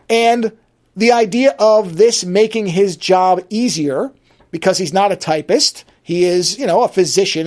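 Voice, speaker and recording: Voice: medium pitch, darkish tone. Chatty podcast host thinking aloud. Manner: conversational, thinking aloud with frequent restarts. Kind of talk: solo daily podcast monologue.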